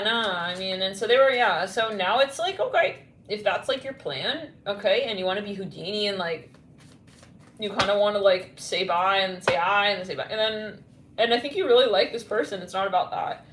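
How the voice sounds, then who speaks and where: A woman's voice: mid-range voice, lively intonation, normal speed, echoey room, noisy background. A woman giving a casual tarot reading, rambling and blunt with lots of fillers. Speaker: tarot reader.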